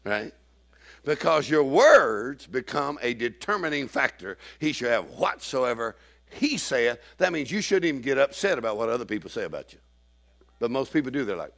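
A man preaching a sermon in church, acting out quoted people and swinging from shouting to hushed asides. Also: medium pitch, big pitch swings, fairly quick, vocal fry.

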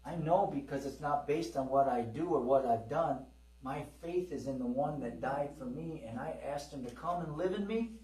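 In a slightly high, warm voice, a middle-aged pastor tells personal testimonies during his sermon and asks the congregation for amens in folksy call-and-response. The church hall recording is roomy and distant, with mains hum.

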